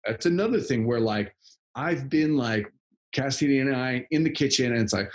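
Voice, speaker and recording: A man's voice: mid-range voice, moderate pace. A young man chatting casually as a podcast guest, rambling with lots of fillers and frequent laughs. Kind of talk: casual conversation.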